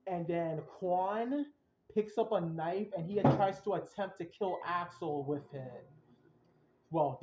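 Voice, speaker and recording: A young man hosting a podcast, excitedly retelling events in a rambling, casual way with slang. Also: sits high, a little hiss or hum. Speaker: podcast host. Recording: roomy, dull lo-fi sound.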